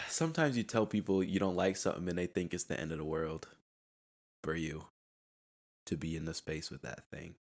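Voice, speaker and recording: A man's voice: low-pitched, normal speed, fairly bright tone. A young man hosting a casual solo podcast, rambling in a laid-back way and laughing at himself. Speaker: podcast host. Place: at home.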